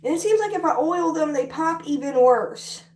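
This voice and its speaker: Styling her hair on a livestream, a young woman chats casually with viewers, frustrated and cursing. Her high voice is animated, a little mellow, and at normal speed, recorded from a distance and off-mic in an echoey room.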